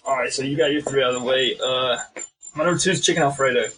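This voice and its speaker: A man's voice: mid-range voice, steady tone, fast, noisy background. A young man co-hosting a podcast, talking in an easygoing, agreeable way with frequent fillers. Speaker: podcast co-host. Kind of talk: casual chat.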